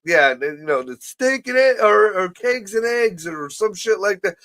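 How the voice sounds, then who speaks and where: A man ranting and joking in casual profane chat, crude and animated, with lots of swearing. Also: high voice, normal speed, dry recording. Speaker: podcast co-host.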